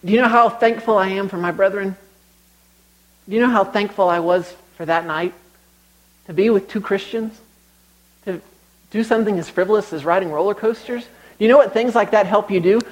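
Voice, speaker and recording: High-voiced man preaching a sermon. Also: a little fast, a little hiss or hum, poor audio. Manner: conversational storytelling, rising to emphatic exhortation.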